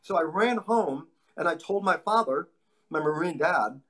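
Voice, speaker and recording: A man being interviewed, a martial arts instructor telling stories in an animated way with a casual manner. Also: fairly high pitch, a little slow. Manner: animated storyteller, acts out voices in anecdotes.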